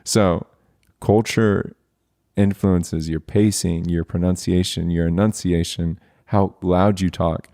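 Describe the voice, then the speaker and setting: A man hosting a podcast, talking in a relaxed, chatty way and laughing easily. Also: low-pitched, slow. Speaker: podcast host. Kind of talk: casual conversation.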